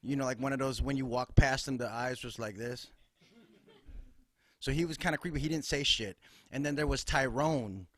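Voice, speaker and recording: A man's voice: mid-range voice, normal speed, a bit bright. A man from Chicago, a comedian guest telling loose, profane stories on a podcast. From Chicago, USA. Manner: loose, profane, rambling, punchy. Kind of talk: casual comic storytelling on a podcast.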